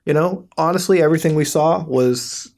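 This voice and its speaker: At a moderate pace, with vocal fry and a slightly mellow sound, a male host gives loose commentary while surfing websites. He rambles on, curses freely, and often erupts in high-pitched laughter.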